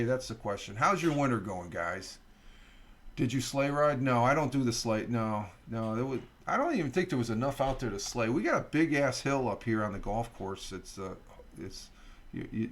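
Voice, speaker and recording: A middle-aged man chats on a morning livestream, reading a news piece aloud and wandering off into asides. His voice is gravelly, pitched in a plain middle range, and he talks into a desk mic at home. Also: normal speed, slight background noise. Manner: rambling, reads news aloud with asides and fillers. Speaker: livestream host. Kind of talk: casual morning stream chat.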